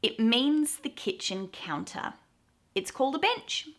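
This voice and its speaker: Slow-talking Australian woman, chatty and giggly. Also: a little high, sing-song. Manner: chatty, giggly, self-deprecating. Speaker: YouTube host teaching Australian slang. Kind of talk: casual explainer talk to camera.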